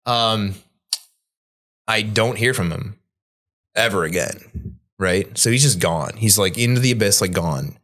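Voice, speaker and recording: A man's voice: fairly low pitch, unhurried, pauses often, a bit bright. A man, a bartender guest on a podcast, telling a story casually and acting out the people he quotes in raised voices. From Midwest United States.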